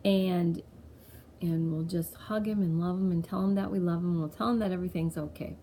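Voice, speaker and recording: A woman's voice: fairly low pitch, fairly even intonation, normal speed, warm tone, slight background noise. A mother talking loosely and conversationally about her family, often circling back to restart a thought. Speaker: mother sharing a parenting story. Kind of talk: casual personal storytelling to camera.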